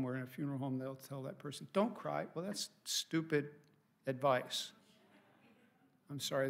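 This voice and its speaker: A man's voice: medium pitch, vocal fry. A middle-aged man, a pastor, preaching a sermon from the pulpit in an earnest, conversational way with casual asides. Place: church sanctuary.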